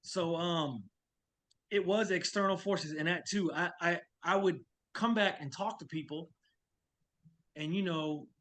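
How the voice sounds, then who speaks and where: A man's voice: on the high side, measured pace, fairly bright tone. A man from Louisiana, a guest in an interview, speaking frankly and telling stories from his own experience. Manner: frank, storytelling, acts out quoted remarks. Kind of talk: conversational interview.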